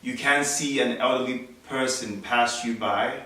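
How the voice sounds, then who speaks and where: A man from Nigeria talks casually, explaining things at length and often breaking into laughs. His voice sits at an ordinary middle pitch. It is picked up from a little way off in a very echoey room. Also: unhurried, sharp tone. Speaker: co-host. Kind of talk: casual chat. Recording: echoey room, voice a bit far from the mic.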